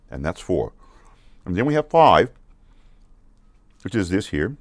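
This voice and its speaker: A man teaching children a counting song, going slowly and repeating each word so they can follow. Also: low voice, animated, darkish tone, no echo. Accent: American. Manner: repeats words slowly, asks questions to check along. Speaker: music teacher. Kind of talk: slow, patient lesson for kids.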